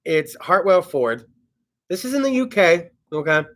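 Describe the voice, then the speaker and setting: High, lively brash male talk host. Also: measured pace. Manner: brash, profane, animated storytelling. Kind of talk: casual comedic chat.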